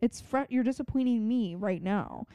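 A woman's voice: fairly high pitch, moderate pace, dark tone, clean tone, dry recording. A woman co-hosting a podcast, recapping a TV episode in blunt, casual chat with some swearing. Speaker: podcast co-host.

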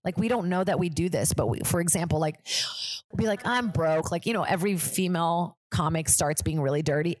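A woman's voice: low-pitched, no echo. A woman comedian hosting a casual podcast chat, rambling with lots of fillers, swearing and laughing often.

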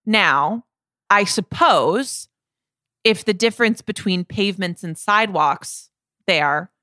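A woman's voice: mid-range voice, animated, slow pace, sharp tone, no room sound, clean studio sound. A woman co-hosting a podcast in casual chat, joking and posing questions to her partner. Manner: chatty, joking, poses questions. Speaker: podcast co-host.

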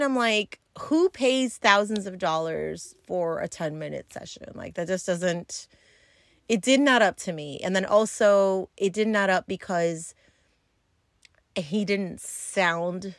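A woman's voice: medium pitch, gravelly, dry recording, studio quality. A woman hosting a podcast, telling a story in a casual, blunt and profane way, with plenty of ums and likes. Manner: blunt, profane and chatty, with many fillers. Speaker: podcast host.

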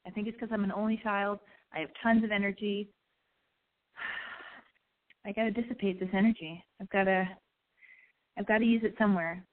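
A woman's voice: mid-range voice, steady tone, moderate pace, long pauses. A woman hosting a call-in podcast, brash, chatty and profane, with a slight lisp and allergy congestion. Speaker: call-in show host. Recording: tinny phone-quality sound.

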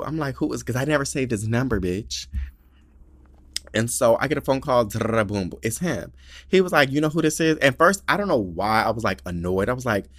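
A young man hosting a podcast, telling a story in a slangy, animated way, swearing often and acting out quotes. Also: on the low side. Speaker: podcast host. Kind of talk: casual storytelling monologue.

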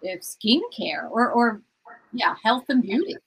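Bright-voiced woman interviewer. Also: fairly high pitch, very animated, measured pace, vocal fry, a little hiss or hum, poor audio. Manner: brief encouraging reactions. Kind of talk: casual interview.

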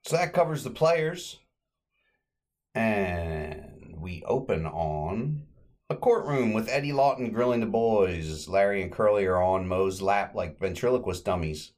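A man hosting a podcast, retelling an old comedy short in a relaxed, rambling way with frequent fillers. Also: lowish voice, measured pace. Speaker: podcast host. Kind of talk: casual podcast recap.

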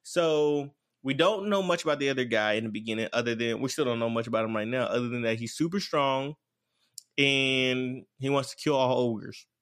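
A man's voice: medium pitch, normal speed, a bit bright, clean tone. A man casually recapping an anime plot in a rambling way, full of fillers and repeated "blah, blah, blah.". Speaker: anime reviewer.

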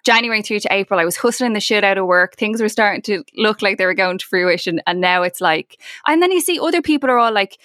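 A woman's voice: medium pitch, lively intonation, a bit bright, dry recording, studio quality. An Irish woman in her thirties telling stories in a casual chat, swearing freely and tumbling through her words with lots of "like". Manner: chatty, swears freely, fast storytelling with lots of "like".

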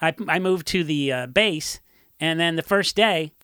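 A punk musician discusses a song in casual chat, rambling through stories full of restarts and fillers. His voice sits on the high side, unhurried, a bit bright and smooth, in a studio-quality recording with no room sound.

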